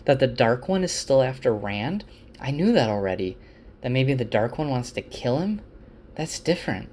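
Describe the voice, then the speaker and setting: A man's voice: medium pitch, big pitch swings, moderate pace, a little mellow, voice pushed up. A man voicing a stubborn, determined young woman in a raised voice. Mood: musing.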